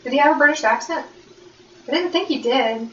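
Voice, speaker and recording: An American woman co-hosting a podcast, talking in a quick, playful, chatty way. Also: high-pitched. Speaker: podcast co-host. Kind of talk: casual chat. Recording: echoey, distant, dull room mic.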